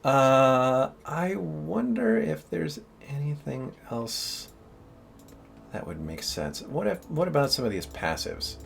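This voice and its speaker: Slow-talking dev guy, lowish voice that jumps around a lot, faint room hiss. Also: very animated, creaky. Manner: unhurried, thinks aloud, laughs often. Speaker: game developer streaming a patch. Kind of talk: casual live-stream commentary while playing.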